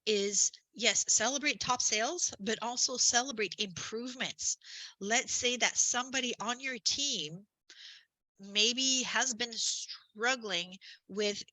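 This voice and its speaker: A woman giving a conversational marketing presentation as a business coach, upbeat and chatty, with asides and quick self-corrections. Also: a little high, pushed and bright, no echo, poor audio.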